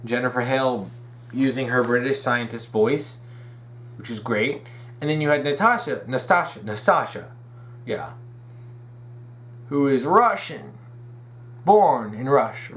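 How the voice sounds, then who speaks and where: Speaking at medium pitch with an expressive, measured delivery and long pauses, the young video essay host sounds a bit bright. He meanders through casual fan commentary, restarting and correcting himself with keen, opinionated energy.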